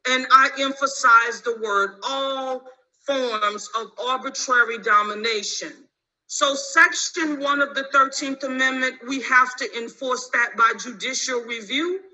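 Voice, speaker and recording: Slow, emphatic woman lecturing. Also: sits high, bright, forceful tone, low-quality recording. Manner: deliberate, emphatic oratory. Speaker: law lecturer. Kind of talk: formal lecture.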